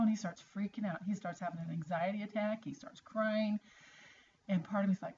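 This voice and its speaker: An earnest middle-aged woman speaks in a chatty, encouraging way, the tone of a motivational vlog. Her voice sits at an ordinary pitch for a woman. The recording sounds a bit dull and lo-fi, with a faint hiss underneath. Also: steady tone, brisk, darkish tone. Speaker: vlogger. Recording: slightly dull lo-fi audio with faint noise.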